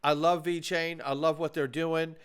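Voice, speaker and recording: A man's voice: on the high side, flat delivery, normal speed, smooth. A man hosting his own commentary channel, talking straight to viewers in an emphatic, opinionated way. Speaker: host of a crypto commentary channel. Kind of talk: casual commentary.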